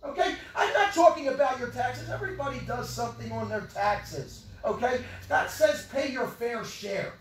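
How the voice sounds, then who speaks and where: Older guy preaching fired up, high voice, yells then mutters, echoey church from far off. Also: lively intonation, normal speed, few pauses. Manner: impassioned, swings from yelling to low mutters. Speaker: pastor. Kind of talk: sermon. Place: church hall.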